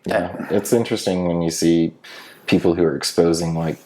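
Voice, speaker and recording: A man's voice: low-pitched, steady tone, normal speed, a little mellow, a little hiss or hum, poor audio. A man co-hosting a casual talk show, easygoing and mostly chiming in with short remarks. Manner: easygoing, brief interjections and agreement. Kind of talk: casual chat.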